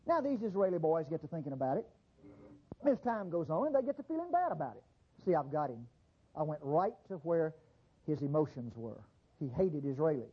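A man preaches a fervent sermon, his voice climbing high and swinging widely as he presses each point. The tone is husky and a little breathy. The recording sounds dull and lo-fi. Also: expressive, normal speed.

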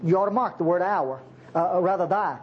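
A man's voice: sits high, a little fast, slight background noise. A man preaching a sermon, teaching the Bible in a folksy, chuckling way. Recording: dull lo-fi sermon recording.

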